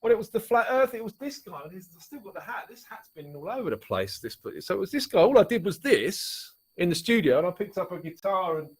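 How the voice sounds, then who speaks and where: A chatty middle-aged man with an Essex English accent, talking casually as a guest. His voice sits a little higher than most men's, and he drifts from point to point, stopping and restarting mid-sentence. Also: sing-song, brisk, few pauses, slightly rough. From Essex, England. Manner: rambling, chatty, many restarts. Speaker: musician and author guest. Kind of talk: casual chat.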